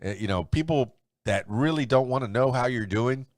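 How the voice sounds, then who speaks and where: A man's voice: medium pitch, normal speed, no echo. A man hosting a solo podcast, rambling and chuckling as he chats and then runs through the day's news. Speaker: podcast host.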